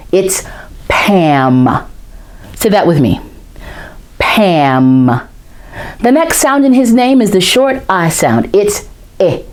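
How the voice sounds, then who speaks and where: A woman in her fifties, a professional storyteller, talking to young audiences in an expressive, animated way and sometimes dropping into a whisper for effect. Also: medium pitch. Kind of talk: storytelling show and promo talk.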